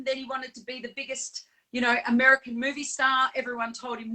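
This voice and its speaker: A woman's voice: high-pitched, little pitch movement, fairly quick, few pauses, sharp tone, low-quality recording. A woman standing in as host of a live show, chatting casually and animatedly, laughing often and using plenty of fillers. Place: on Bribie Island.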